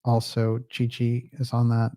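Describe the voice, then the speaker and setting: A man's voice: mid-range voice, completely flat delivery, a little slow, dark tone, smooth, dry recording, clean studio sound. A man hosting a livestream, chatting casually and reading out viewer comments, with frequent fillers. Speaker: livestream host.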